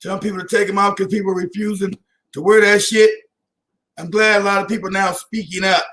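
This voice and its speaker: A man hosting a casual online chat show over a video call, talking loudly and bluntly with frequent laughter. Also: high-pitched, little pitch movement, brisk. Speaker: host.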